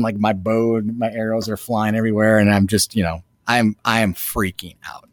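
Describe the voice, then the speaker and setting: A man guest telling a dramatic personal story in an animated way, with many restarts. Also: fairly low pitch, moderate pace, no room sound. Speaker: podcast guest. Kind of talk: storytelling anecdote.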